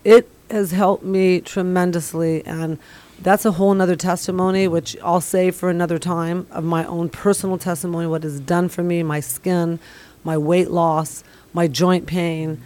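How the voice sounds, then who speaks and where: A woman's voice: on the low side, steady tone, normal speed, mellow. A middle-aged woman from the Middle East telling a long personal testimonial in an earnest, rambling way. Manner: earnest, rambling, many fillers. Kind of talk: casual storytelling.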